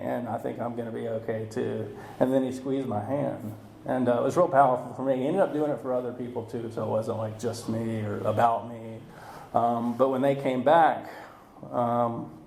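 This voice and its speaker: A man speaking at a recovery meeting, telling his story in a halting way, full of fillers and restarts. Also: medium pitch, gravelly, a little mellow, slight background noise. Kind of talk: personal recovery talk. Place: meeting room. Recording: echoey room recording.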